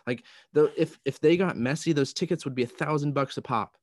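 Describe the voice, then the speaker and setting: A young man in casual chat, measured and hedging, with lots of ums and you-knows. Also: on the high side, dry recording, clean studio sound.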